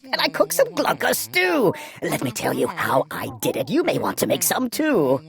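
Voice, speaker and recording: A woman's voice: medium pitch, gravelly, a bit bright, full character voice. A woman voicing a smug, chatty male glunk creature in a storybook read-aloud, glib and rambling.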